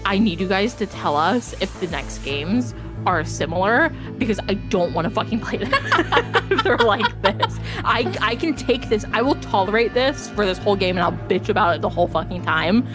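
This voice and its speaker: A woman's voice: mid-range voice, very animated, moderate pace. A woman streamer ranting in exasperation about a game, swearing a lot in casual stream chat. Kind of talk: live-stream gameplay chat. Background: game music.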